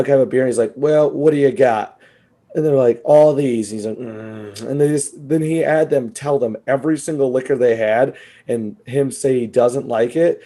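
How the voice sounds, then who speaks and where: A man co-hosting a podcast, telling a story in casual chat, animated and swearing, laughing often as he quotes people. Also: mid-range voice. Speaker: podcast co-host.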